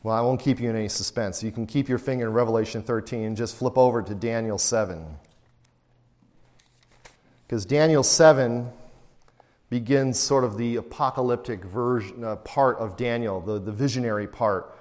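A man's voice: mid-range voice, normal speed, a little mellow, in a large hall. A man teaching a Bible study lecture in a conversational way, often putting rhetorical questions to his listeners.

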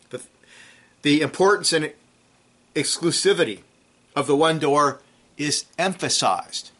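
Male preacher, bright, tense tone, forceful sermon delivery with sharp swings in volume. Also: moderate pace, long pauses. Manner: forceful preaching, swings between loud emphatic peaks and low drops; clears throat now and then.

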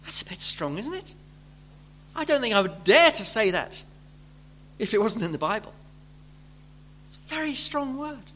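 Man, preacher, sermon, high bright voice, slow delivery, pleading emphasis. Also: sing-song. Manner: pleading, rising to fervent emphasis.

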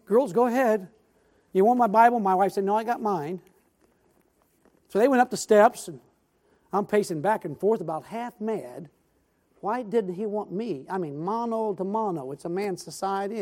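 A man preaching a church sermon, telling a story in a folksy, animated way with repeated words and restarts, then closing with earnest pleas. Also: high voice. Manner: earnest, appealing pleas asking amen. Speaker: pastor. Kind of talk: sermon with storytelling and altar call. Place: church sanctuary.

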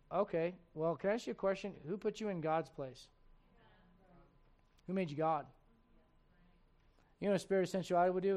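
High-voiced man preaching with rhetorical questions. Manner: swings between loud preaching and low, quiet asides. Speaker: pastor. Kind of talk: sermon.

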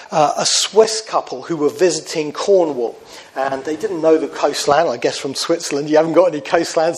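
Middle-aged male preacher, fairly high-pitched, earnest sermon delivery that questions the listeners. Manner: earnest, asks the congregation questions. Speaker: pastor.

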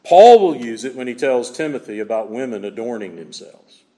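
Expressive male preacher with a lively delivery, recorded with long reverb in a church hall. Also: mid-range voice, normal speed. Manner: expressive preaching, acts out little scenes. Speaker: pastor. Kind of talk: sermon.

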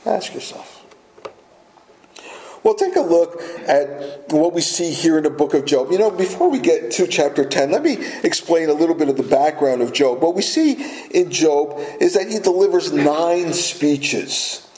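A man's voice: on the high side, animated, normal speed, few pauses, darkish tone, echoey room, slight background noise, rough recording. A man preaching a sermon as a pastor, earnest and repeating key phrases for emphasis.

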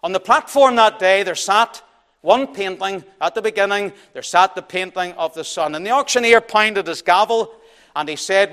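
A man preaching a sermon in a church, telling a story dramatically and swinging between loud and hushed delivery. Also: sits high, normal speed.

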